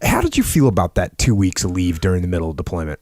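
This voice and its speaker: A man hosting a podcast, asking questions in a relaxed way and chiming in with short agreements. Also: deep voice, quick pace, no echo, clean studio sound. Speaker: podcast host, former navy officer. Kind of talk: casual interview.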